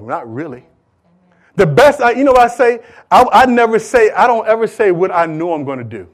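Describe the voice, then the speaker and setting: A man preaching a sermon as pastor, colloquial and animated, acting out the quotes he tells. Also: sits high.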